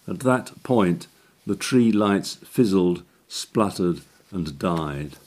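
A man's voice: deep voice, expressive, takes it slowly, a little mellow. A man reading a comic story aloud in a dry, wry narrating manner.

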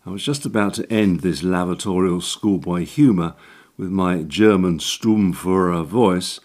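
A man's voice: low-pitched, darkish tone. A man reading a comic story aloud in a dry, wry narrating manner.

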